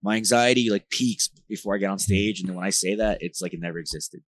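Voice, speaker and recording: Man, very low voice, from New Jersey, band vocalist as podcast guest, rambling slangy storytelling, dry close sound. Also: fast talker, no echo. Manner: rambling, filler-heavy slang talk with frequent "like" and "bro"; animated, gets louder when retelling tense moments. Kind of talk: casual conversational storytelling.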